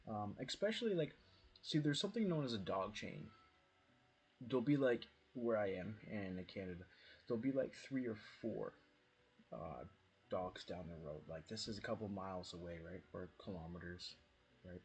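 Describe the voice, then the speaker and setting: Man, low-pitched, easygoing gaming streamer at home; rambles off-topic with fillers and casual swearing. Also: lively intonation, moderate pace. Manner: rambling, laid-back, swears freely, lots of fillers. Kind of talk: casual rambling chat while playing. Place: at home with dogs nearby.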